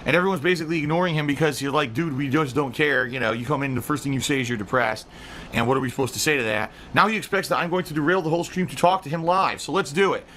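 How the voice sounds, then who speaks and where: A man's voice: fairly high pitch, very fast, slight background noise. A man livestreaming and talking straight to his viewers in a heated, profane rant. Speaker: live streamer. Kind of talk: ranting stream commentary. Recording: loud music playing over the voice.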